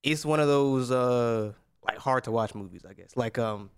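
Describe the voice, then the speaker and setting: A young man co-hosting a podcast, talking in a halting way full of fillers. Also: medium pitch, clear, resonant tone. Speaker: podcast co-host. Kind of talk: casual chat.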